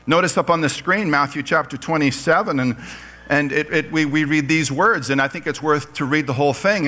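A man's voice: a little high, fairly quick, pushed and bright. A man preaching a sermon in church, reading scripture aloud and joking with his congregation. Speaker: pastor.

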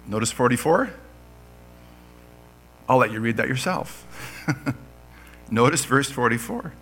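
A man's voice: medium pitch, lively intonation, slow pace, long pauses, fairly bright tone, faint music behind. A man preaching a sermon in church, reading scripture aloud and joking with his congregation. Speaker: pastor.

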